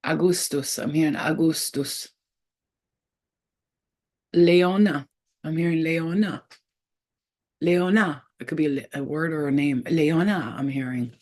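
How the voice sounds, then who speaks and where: A husky-voiced woman, low-pitched and a little mellow, gives a blunt psychic reading to camera. Casual and profane, she repeats things for emphasis, then halts and trails off as she sounds out names.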